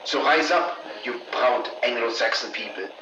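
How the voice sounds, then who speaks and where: Casting: man as a stern, grandiose wartime radio announcer, booming from a distant, echoey broadcast with music under him. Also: moderate pace, natural voice. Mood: declaiming. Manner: grandiose, declaiming. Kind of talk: 1940s radio acting.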